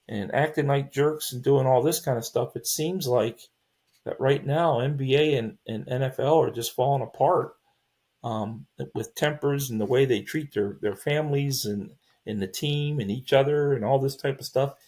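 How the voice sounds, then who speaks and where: In a casual sports chat, a podcast host with a medium-pitched, slightly mellow voice rambles, opinionated and exasperated. He restarts often and leans on fillers.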